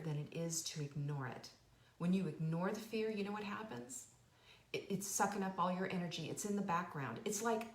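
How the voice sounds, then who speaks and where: Fervent woman host, echoey room. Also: mid-range voice. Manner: emotional, fervent, faith-filled encouragement. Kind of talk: motivational live-stream talk.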